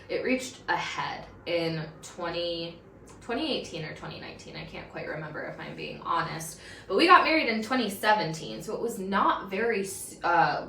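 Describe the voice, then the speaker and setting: A young woman hosting a podcast, telling a personal story in a candid, emotional way. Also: on the low side. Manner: candid, emotional, animated retelling. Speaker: podcast host. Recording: roomy echo, slightly distant mic, faint background noise.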